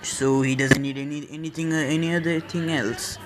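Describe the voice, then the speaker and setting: A man casually retelling a fan story, rambling with frequent cursing and halting restarts. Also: fairly high pitch, steady tone, over music. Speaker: story narrator.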